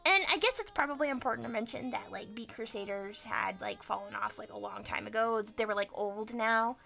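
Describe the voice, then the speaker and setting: A woman streamer chatting casually with a guest, excitable, swearing freely and laughing often. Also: fairly high pitch, a little fast, creaky. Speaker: streamer host.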